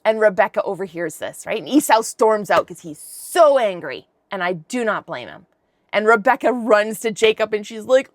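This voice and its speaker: A woman's voice: mid-range voice, animated, normal speed, no room sound. A woman hosting a podcast, retelling a Bible story in a chatty, irreverent, slangy way. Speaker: podcast host.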